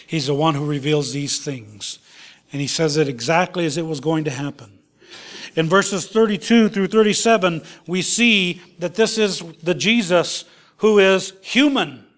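Pastor, male, fairly high voice, impassioned preaching that falls to a hush. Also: a little slow. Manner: impassioned preaching, rises and drops to hushed tones. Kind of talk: sermon.

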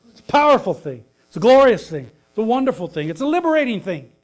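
A male pastor preaching a sermon, swinging between emphatic loud lines and hushed soft ones. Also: very high-pitched, big pitch swings, quick pace.

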